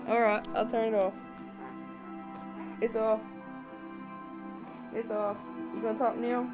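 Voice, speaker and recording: A woman's voice: on the high side, level tone, takes it slowly, long pauses, over music. A woman who is sick and under the weather, filming at home with a handheld camera and teasing and coaxing her baby in playful baby talk. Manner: coaxing, teasing, sing-song.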